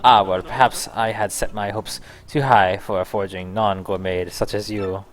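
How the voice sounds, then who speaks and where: A man's voice: lowish voice, steady tone, moderate pace, natural voice. A man doing a snooty gourmet cook. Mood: haughty. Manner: haughty, condescending. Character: snobbish male gourmet cook.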